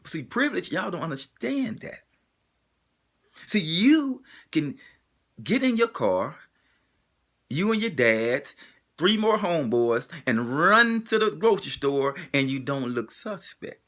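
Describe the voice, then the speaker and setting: A man's voice: a little high, big pitch swings, unhurried, bright, forceful tone. A man delivering an emotional spoken monologue, driving it forward with the same pointed rhetorical question again and again.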